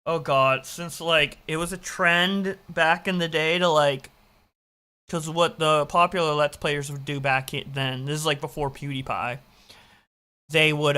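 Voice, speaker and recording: Brief: reaction streamer, bright and punchy, swears a lot, laughs at their younger self. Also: medium pitch, clean tone. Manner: swearing, excitable, self-mocking. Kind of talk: casual reaction commentary.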